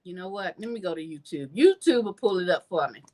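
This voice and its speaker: A woman's voice: lowish voice, a little fast. A woman, hosting her channel in casual, chatty commentary and addressing her viewers directly. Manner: lively, chatty, addresses viewers as y'all, laughs. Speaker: channel host.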